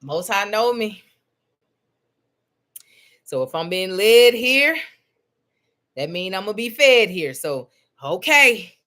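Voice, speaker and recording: Bright-voiced woman leading prayer. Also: medium pitch, very animated. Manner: laughs often, talks to God aloud; slow soothing prayer cadence. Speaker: spiritual teacher. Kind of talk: spoken prayer and guided meditation.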